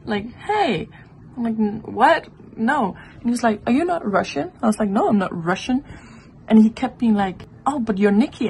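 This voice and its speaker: A woman's voice: mid-range voice, darkish tone, a little hiss or hum. A young woman in her twenties, a vlogger telling a story in casual chat, playful and swearing freely. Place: outdoors and indoor museums, walking around.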